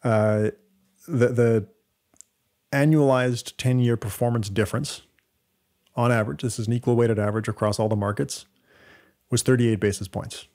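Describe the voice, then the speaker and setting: A man's voice: mid-range voice, fairly even intonation, moderate pace, pauses often, a little mellow. A man with a Canadian accent co-hosting a podcast, explaining data step by step in casual chat with frequent fillers and restarts. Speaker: podcast co-host.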